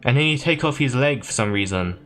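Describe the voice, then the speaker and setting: A man livestreaming, casually recapping a video game plot in a hurried, rambling way. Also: medium pitch, lively intonation, a bit bright, soft background music.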